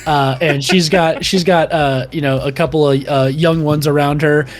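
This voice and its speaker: A man's voice: fairly high pitch, fairly even intonation, moderate pace. A young man as game master, narrating a tabletop game in a rambling way full of fillers.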